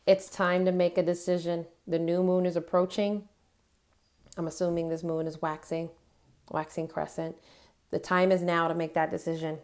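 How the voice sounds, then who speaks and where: A woman's voice: on the low side, a little mellow. A woman reading tarot cards to camera, speaking earnestly and encouragingly and growing emotional as she reassures her viewers. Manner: gives affirmations straight to her viewers. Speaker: tarot reader.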